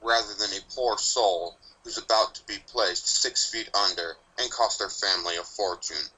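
A grumpy, timeless Grim Reaper who answers questions with curt, sardonic bluntness, as a man reads him in a fan story. The voice sits low but carries a sharp, bright edge. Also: normal speed, breathy edge, poor audio. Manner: blunt, snappish, dryly sardonic. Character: grumpy ancient male Grim Reaper pony.

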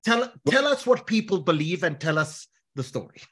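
Guy hosting an interview on a call, voice a bit high, asks guests questions by name. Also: sing-song, moderate pace, a bit bright, slightly rough. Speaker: interviewer host. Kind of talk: casual interview.

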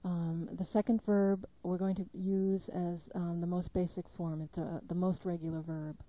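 A woman's voice: fairly low pitch, flat delivery, moderate pace, dark tone, no room sound. A woman working as a field linguist, plainly explaining the next items to record, with some hesitations. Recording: dull lo-fi 1990s tape.

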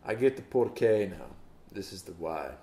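A man's voice: deep voice, very animated, moderate pace, mellow. A man hosting a music reaction video, chatting casually and playfully mock-quoting the singer. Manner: playful, mock-quotes the singer in put-on voices. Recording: roomy echo.

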